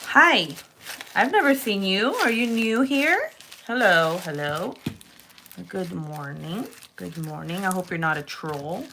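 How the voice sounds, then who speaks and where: Working with clay on her livestream, a young host chats and giggles a lot as she talks to her live chat viewers. She speaks a little slowly, with a medium-pitched, expressive, slightly bright voice, and there's slight background noise.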